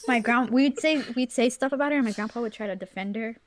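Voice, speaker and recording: Giggly young woman, slightly high voice. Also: a little fast. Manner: giggly, hesitant storytelling. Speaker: podcast co-host. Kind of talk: casual chat.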